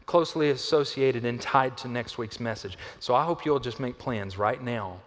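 A male pastor delivers a sermon in a church auditorium, his voice ringing with a long hall reverb. He swings from loud, lifted emphasis down to hushed, low lines, with playful asides along the way. His pitch sits in an ordinary middle range for a man. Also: normal speed. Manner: playful asides with a volunteer on stage.

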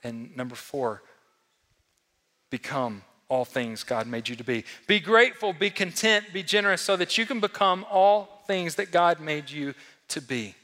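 A man preaching a sermon to a congregation, swinging between loud emphatic lines and hushed ones and asking the room questions. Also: a little high, steady tone, measured pace. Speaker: pastor. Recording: long hall reverb.

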